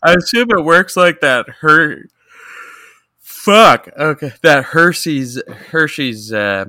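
Man, podcast co-host, crisp smooth tone, dry wit. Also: fairly high pitch, lively intonation, takes it slowly, bright, forceful tone, dry recording. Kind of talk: casual chat about a film.

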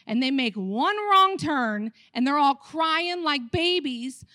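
High-voiced woman pastor preaching animatedly. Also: slow pace, hardly any pauses, dry recording, studio quality. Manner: animated storytelling, acting out voices of crowds. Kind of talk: sermon.

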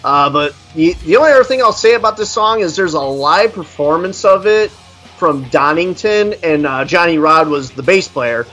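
A man with a slightly high voice rants through a casual podcast chat. He is profane and blunt, and he tells stories with animated energy. Faint music plays behind him. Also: moderate pace. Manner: animated storytelling. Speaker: podcast co-host reviewing an album.

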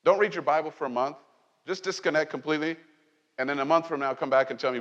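A man pastor delivers a loose, conversational sermon in a slightly high voice, joking and asking the congregation questions. The sound is dull and muffled, and it rings with a long reverb in a big church hall. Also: fast. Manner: conversational, animated preaching with jokes and asides. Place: church sanctuary.

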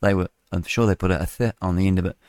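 A man's voice: low-pitched, steady tone, quick pace, darkish tone, dry recording, studio quality. An older man hosting live radio, reading the news with chatty, rambling asides. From New Zealand. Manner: chatty, digressive, chuckling asides. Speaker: radio host.

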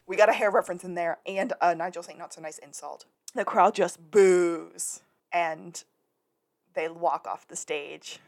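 A woman's voice: lowish voice, a little slow, vocal fry. A young woman co-hosting a casual podcast, recapping an episode and reading out quotes in put-on voices. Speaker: podcast co-host.

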